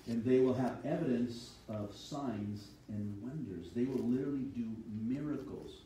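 A man's voice: medium pitch, a little slow, mellow, recorded from a distance, slight background noise. A man preaching a sermon as a pastor, teaching steadily and reading scripture aloud. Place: church sanctuary. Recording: echoey hall, voice from off-mic.

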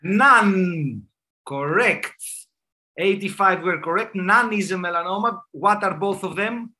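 Bright, playful man hosting a quiz. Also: high-pitched, unhurried. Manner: playful, laughs between answers. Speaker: quiz host and dermatologist. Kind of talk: hosting a live online quiz.

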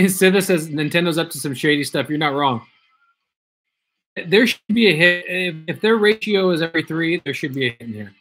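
A man's voice: a little high, expressive, a little fast, a bit bright. Chatty young man hosting a livestream. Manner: chatty, reads viewer comments aloud, repeats himself. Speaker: livestream host opening card packs. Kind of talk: casual livestream chat.

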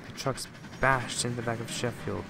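A man giving scripted storybook narration in a slow, measured way. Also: mid-range voice, fairly even intonation, vocal fry. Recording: music playing underneath.

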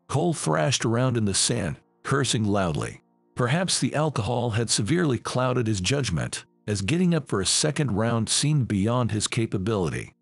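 Gravelly male storyteller. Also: medium pitch, sing-song, moderate pace, dry recording, faint music behind. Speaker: narrator. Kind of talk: scripted story narration.

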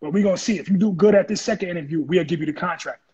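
A man telling his story in an interview, animated and acting out the voices of people he quotes. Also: high voice, rapid-fire, dull audio, crowd noise. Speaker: interview guest, former football player. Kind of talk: casual storytelling.

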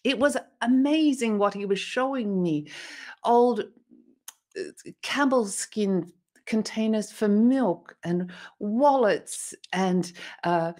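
A woman's voice: medium pitch, animated, slow, darkish tone. Woman telling a moving personal story. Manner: earnest, emotional retelling with restarts. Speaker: interview guest, motivational speaker.

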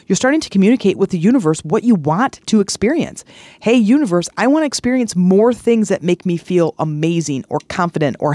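A woman's voice: on the low side, a little mellow, dry recording. Earnest encouraging woman coach, dry sound. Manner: earnest, encouraging, repeats words for emphasis. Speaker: podcast host and life coach. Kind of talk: motivational self-help talk.

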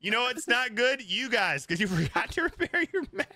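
A man's voice: very high-pitched, big pitch swings, normal speed, background noise. A man in his thirties chatting over a headset while playing a game online, boisterous and gloating, laughing often. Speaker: gamer and video host. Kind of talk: excited voice chat during gameplay.

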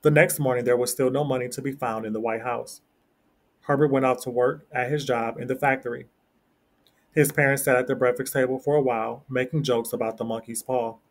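A man's voice: medium pitch, fairly even intonation, brisk. Man reading a story aloud. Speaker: story reader. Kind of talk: read-aloud story narration.

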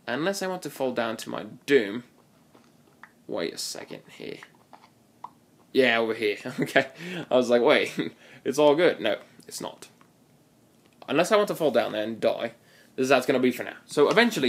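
A man giving casual, rambling commentary while he plays a game, chatty and playful, often restarting his sentences. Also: mid-range voice. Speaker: gaming video host.

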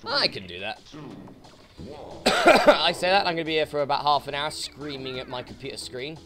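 Animated British man commenting on a game. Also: on the high side, moderate pace, soft background music. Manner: swearing, frustrated outbursts at the game. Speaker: let's play host. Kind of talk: gameplay commentary.

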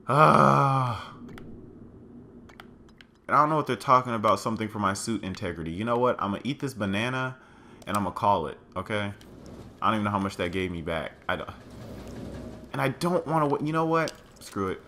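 Excitable male gamer with a lively voice. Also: fairly low pitch, brisk, pauses often, slight background noise. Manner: jumpy, thinks aloud, cries out in alarm; talks to viewers as "guys". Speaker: gaming channel host. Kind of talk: let's play commentary.

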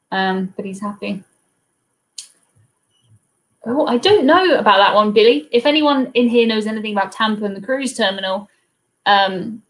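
A young woman with a Southern English accent hosting a casual live cruise Q&A stream from her home desk, chatting and answering viewers. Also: mid-range voice. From south coast of England. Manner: chatty, reads viewer comments aloud, coos at her dog.

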